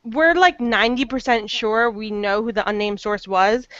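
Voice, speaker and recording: A woman's voice: a little high, normal speed, a bit bright, no room sound, lo-fi sound. A woman guesting on a podcast, earnest and exasperated, often restarting her sentences. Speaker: guest investigator. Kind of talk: casual interview.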